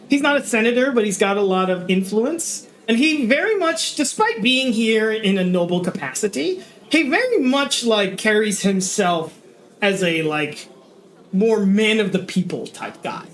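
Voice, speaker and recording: Guy running a tabletop game, lively up and down voice, laughs a lot. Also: high-pitched, slight background noise. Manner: animated, chatty, laughs often. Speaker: game master.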